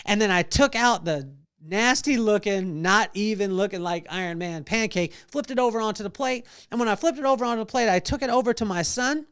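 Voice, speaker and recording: A middle-aged man hosting a devotional podcast, telling a personal story with animated delivery and acted-out voices. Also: high-pitched, a little fast, smooth. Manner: animated, acts out voices in stories. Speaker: podcast host.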